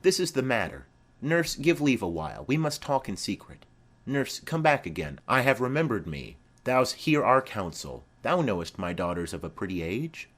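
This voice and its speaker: A man reading the part of a formal, commanding noblewoman speaking to her daughter in measured declamation. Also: mid-range voice, sing-song, fairly bright tone. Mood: stately.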